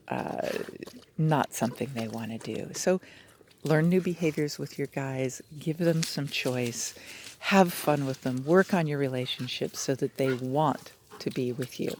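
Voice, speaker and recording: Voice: medium pitch, a little mellow, slight background noise. A dog trainer giving a casual, upbeat outdoor lesson, chatty and full of fillers and restarts. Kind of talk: casual instructional talk. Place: outdoors in brushy terrain with dogs.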